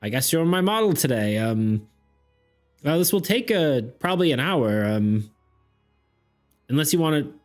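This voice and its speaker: Man playing a flustered woman wood carver, high lifted voice, shifting odd accent, hesitant, ums everywhere, tabletop game. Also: very animated, takes it slowly, few pauses, darkish tone, soft background music, heavily acted. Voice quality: wavering, shifting put-on accent.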